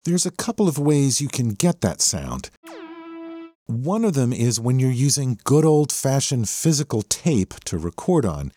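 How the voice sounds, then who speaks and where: An enthusiastic man talks through a rock track like a teacher, his voice swinging up and down as he points out each guitar part. The song plays clearly underneath him the whole time, and his voice sits at an ordinary middle pitch. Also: big pitch swings, unhurried, warm tone. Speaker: host breaking down a rock song. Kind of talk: explanatory music commentary. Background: the song playing underneath.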